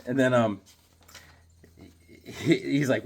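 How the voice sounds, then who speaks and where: A man's voice: mid-range voice, expressive, a little slow. Rambling, enthusiastic man showing comics. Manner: rambling, enthusiastic, restarts and filler words. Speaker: comic book reviewer. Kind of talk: casual comic book show-and-tell.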